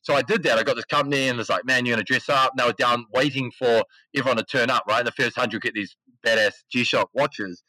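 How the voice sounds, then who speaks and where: Animated New man telling a story. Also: medium pitch, fast talker, hardly any pauses, no room sound, rough recording. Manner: animated, slangy, acts out quotes. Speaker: podcast guest, esports CEO. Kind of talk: casual storytelling.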